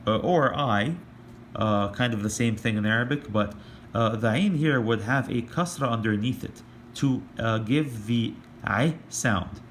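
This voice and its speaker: A man in the middle of his natural pitch range gives a casual online lesson, pausing often with fillers and restarting sentences. He slows right down whenever he demonstrates a sound. A faint hum of room ambience sits behind him. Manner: hesitant, many fillers and restarts. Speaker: language teacher.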